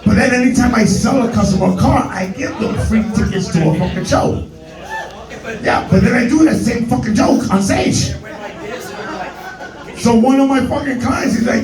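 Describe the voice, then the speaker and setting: A high-voiced man from New York works a comedy club stage with a brash, profane stand-up routine. He is picked up from a distance, so the sound is roomy and echoing. Music plays behind him. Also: lively intonation, normal speed, pauses often, a crowd in the background. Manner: brash, profane, street slang, puts on voices.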